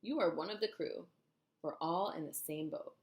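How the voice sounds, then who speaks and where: A woman's voice: lowish voice, moderate pace, close to an everyday voice. A woman voicing a kind, reassuring female ladybug in a storybook reading.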